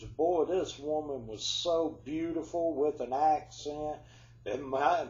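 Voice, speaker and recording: A man's voice: medium pitch, dark tone, roomy sound, highs cut off. A man telling ghost stories in a folksy, drawling way, his voice congested from flu-like symptoms. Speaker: storyteller. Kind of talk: casual ghost storytelling.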